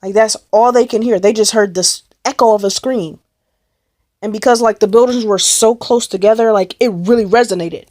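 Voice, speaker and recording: A woman's voice: mid-range voice, moderate pace, darkish tone, no room sound, clean studio sound. Young woman rambling through a story. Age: young adult. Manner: rambling, breathless retelling with many likes and repeats. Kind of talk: casual storytelling vlog.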